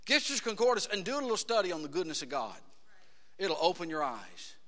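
A man preaching a sermon as pastor, emphatic and building to shouts as he quotes scripture. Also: sits high, very animated, fairly quick. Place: church sanctuary. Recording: long hall reverb.

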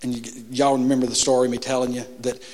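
A man preaching a sermon in a church. He tells stories, building to loud emphatic peaks and then dropping low and quiet. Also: little pitch movement, fast. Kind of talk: sermon with storytelling. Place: church sanctuary. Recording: long reverb of a large hall.

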